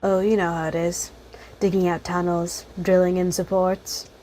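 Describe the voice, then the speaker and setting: A woman's voice: lowish voice, little pitch movement, moderate pace, warm tone, faint music behind, natural voice, low-quality recording. A woman voicing a weary female tunnel worker, answering in a dry, matter-of-fact way.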